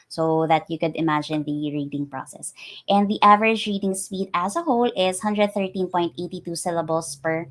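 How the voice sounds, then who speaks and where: A woman presenting her research in a lecture, explaining carefully with frequent ums and uhs. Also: medium pitch. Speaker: academic presenter.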